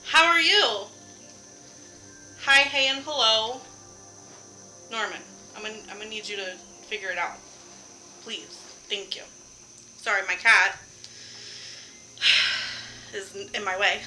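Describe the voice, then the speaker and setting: A woman's voice: medium pitch, steady tone, measured pace, long pauses, pushed and bright, faint music behind, rough recording. A young woman streaming a game from home, chatting casually with her viewers, laughing often and swearing lightly. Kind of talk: casual live-stream chat while gaming.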